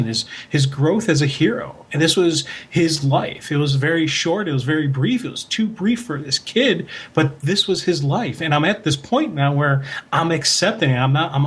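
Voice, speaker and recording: A man co-hosting a comics podcast, talking in casual chat with emotional, animated storytelling. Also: fairly high pitch, normal speed, hardly any pauses, husky. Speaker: podcast co-host.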